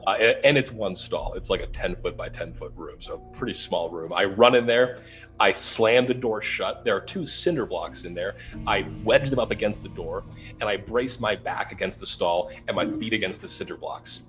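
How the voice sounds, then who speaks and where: A young adult man, a paranormal investigator, tells his ghost story casually in a fairly low voice at a moderate pace over soft background music. He's animated, acting out the quoted dialogue with laughs.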